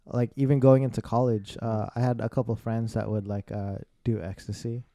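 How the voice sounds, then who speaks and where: A man in his thirties hosting a podcast, telling stories in a relaxed, laid-back way and swearing casually. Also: on the low side, normal speed, no echo, clean studio sound. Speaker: podcast host. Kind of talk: casual chat, storytelling.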